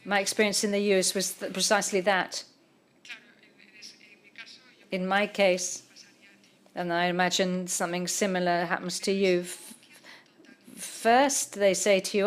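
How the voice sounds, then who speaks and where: A woman's voice: mid-range voice, little pitch movement, a little slow, pauses often. Woman novelist, panel guest; thoughtful, word-searching delivery. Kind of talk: public literary conversation.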